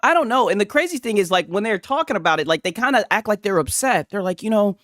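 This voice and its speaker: A man's voice: high voice, lively intonation, fast, fairly bright tone, no room sound, studio quality. A man hosting casual gaming commentary from a home setup, talking in a profane, mocking way and laughing often.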